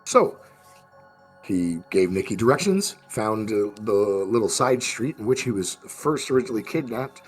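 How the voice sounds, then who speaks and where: A man's voice: mid-range voice, breathy edge. A man game master recapping the last session of a tabletop game, rambling with fillers and restarts.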